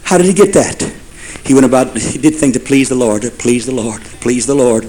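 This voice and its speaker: A man's voice: medium pitch, expressive, a little fast, dark tone, rough recording. A man preaching a sermon in a folksy storytelling way, building to fervent repeated phrases.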